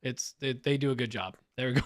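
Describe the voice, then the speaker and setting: A man's voice: mid-range voice, fast, no echo. A man co-hosting a woodworking podcast, teasing and laughing through casual banter. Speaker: podcast co-host.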